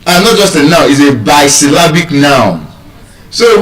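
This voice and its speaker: A man's voice: fairly high pitch, measured pace. A man with a Nigerian accent teaching English pronunciation, quizzing his listeners and calling for answers. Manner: animated, asks the audience questions. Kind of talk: live pronunciation class. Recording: echoey room, mic at a distance.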